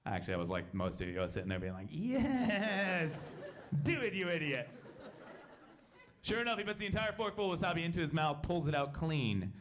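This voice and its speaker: A man performing stand-up comedy into a handheld mic on a club stage. His voice sits high and rings bright. He tells his stories deadpan, then bursts into loud acted-out quotes. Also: a little hiss or hum.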